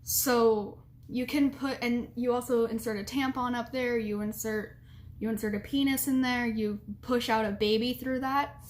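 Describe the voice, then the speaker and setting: High-voiced woman, frank and giggly. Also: fairly even intonation, moderate pace, a little hiss or hum. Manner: frank and blunt, giggly, with lots of "like". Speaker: vlogger. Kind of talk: candid storytelling and advice.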